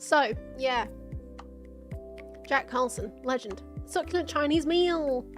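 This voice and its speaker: High-voiced woman streamer, casual and rambling, faint music behind. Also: animated, takes it slowly. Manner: chatty and rambling, with laughs and trailing fillers. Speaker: streamer and host. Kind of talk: casual chat. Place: home.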